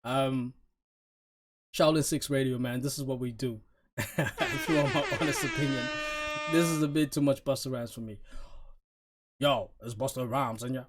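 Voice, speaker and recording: A man's voice: medium pitch, normal speed, over music. Blunt man reviewing an album. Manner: blunt, dismissive, fillers and restarts. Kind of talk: casual opinionated review.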